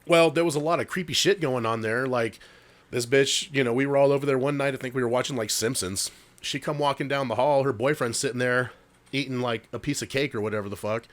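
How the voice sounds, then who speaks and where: A man's voice: medium pitch, fast. A man co-hosting a podcast, casually telling a ghost story full of swearing and "dude". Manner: laid-back, swears a lot, says "dude". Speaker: podcast co-host.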